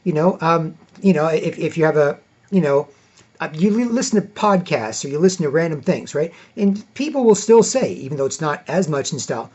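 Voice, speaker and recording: Rambling man, husky voice, lo-fi sound. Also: on the high side, animated, a little fast, darkish tone. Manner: rambling, repeats "you know" and "right". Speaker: podcast host. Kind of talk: casual monologue. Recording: dull lo-fi recording.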